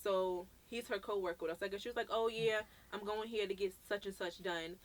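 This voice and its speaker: A woman's voice: mid-range voice, fairly quick. A woman from Brooklyn co-hosting a podcast, telling a story in casual chat, acting out the quotes and swearing freely. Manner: animated, acts out quoted dialogue, swears freely. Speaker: podcast co-host.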